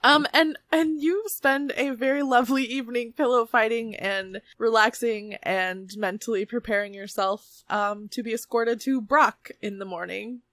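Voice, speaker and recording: High-voiced woman game master, giggly, casual, dry close sound. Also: fairly even intonation, normal speed, few pauses, fairly bright tone, dry recording. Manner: giggly, lots of likes and laughs. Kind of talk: narrating a tabletop game.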